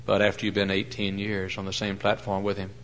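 Folksy storytelling male preacher, bright voice. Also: low voice, monotone, brisk, a little hiss or hum, rough recording. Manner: folksy storytelling, swings from loud mock-pompous to hushed. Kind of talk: sermon.

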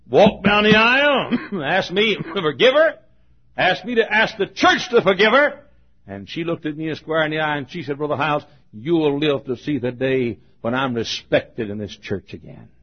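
Husky older preacher, fervent sermon. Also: male voice, animated, normal speed. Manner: fervent preaching, swings from shouts to low asides. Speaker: pastor. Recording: dull lo-fi sermon recording.

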